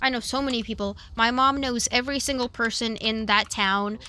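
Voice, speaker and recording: A woman's voice: fairly high pitch, fairly even intonation, a little fast, bright, forceful tone, smooth. A young woman streamer talking casually and emotionally about her family, with many fillers and restarts. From family from Russia and Ukraine.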